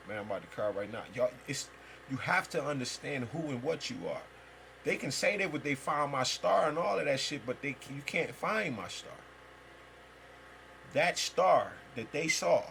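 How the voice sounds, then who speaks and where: A man's voice: mid-range voice, gravelly, a bit bright, a little hiss or hum, low-quality recording. A man giving a free-flowing spiritual talk as a teacher, rambling and emphatic, with heavy slang and profanity.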